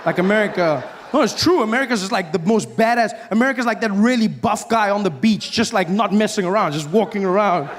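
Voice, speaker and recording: A man performing a stand-up routine, animated and acting out other people in shifting voices. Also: high-pitched, fast talker, hardly any pauses. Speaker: stand-up comedian. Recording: live stage with audience noise.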